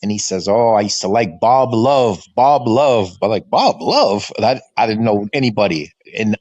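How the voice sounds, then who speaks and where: A man in his fifties from the Boston area, hosting a fan livestream and telling stories from his childhood in a lively, animated way. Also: lowish voice, moderate pace, no echo, dull audio. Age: 50s. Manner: animated storyteller who acts out his father's voice. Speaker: fan podcast host. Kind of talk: casual storytelling chat. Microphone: remote stream call.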